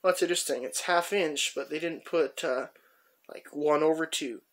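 A man casually showing his tool finds one by one, chatting in a rambling way with lots of pauses. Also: a little high, a bit bright. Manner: rambling, chatty, many "uh" pauses while handling tools. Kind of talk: casual show-and-tell narration.

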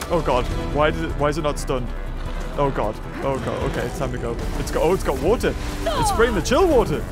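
A young man hosting let's-play commentary, excitable and full of exclamations. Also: fairly high pitch, moderate pace. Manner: excitable, frequent exclamations and laughs. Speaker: gaming channel host. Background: game music.

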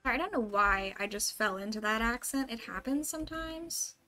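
A woman's voice: fairly high pitch, expressive, normal speed, bright, forceful tone. A young woman streamer chatting casually and thinking aloud while she plays a game, with lots of "like" and "um" as she talks. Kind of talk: casual live gameplay commentary.

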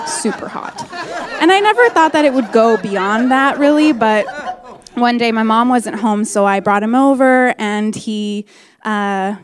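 Candid woman in her thirties doing stand-up. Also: a little high. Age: 30s. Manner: candid, deadpan storytelling with quick voiced asides. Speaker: stand-up comedian. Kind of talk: stand-up comedy set.

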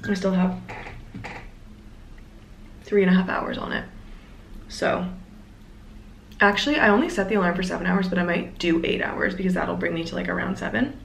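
A woman's voice: lowish voice, moderate pace, vocal fry, long pauses, slight background noise. A young woman chatting casually through a day-in-the-life vlog at home, rambling and trailing off into little asides. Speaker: vlogger. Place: at home in her apartment. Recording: roomy home recording.

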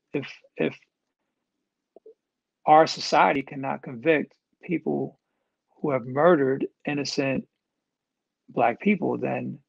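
A man in his fifties, gravelly and a touch high-pitched, answering questions in a loose, chatty Q&A full of fillers. The audio is dull and lo-fi, close and dry with no room echo. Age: 50s. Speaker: host answering audience questions. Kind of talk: casual live-streamed Q&A.

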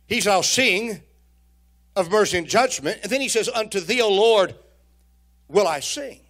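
A man's voice: high-pitched, lively intonation, normal speed, fairly bright tone. A man preaching a sermon in a church, telling folksy stories, joking with the congregation and often repeating his words. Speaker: pastor. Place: church sanctuary.

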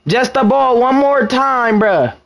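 High-pitched, gravelly young gamer guy. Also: animated, takes it slowly, fairly bright tone. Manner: frustrated, scolds teammates, heavy slang. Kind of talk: live gameplay commentary.

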